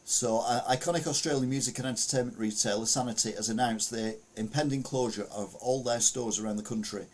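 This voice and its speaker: A man's voice: medium pitch, a little fast, few pauses. A man hosting a casual news podcast, rambling and chuckling as he reads out stories and mutters asides to himself while sharing his screen. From United Kingdom. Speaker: podcast host.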